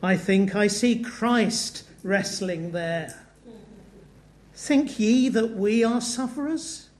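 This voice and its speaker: A man quoting a steadfast young woman martyr. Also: high-pitched. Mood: fervent. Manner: slow, earnest, old-fashioned phrasing.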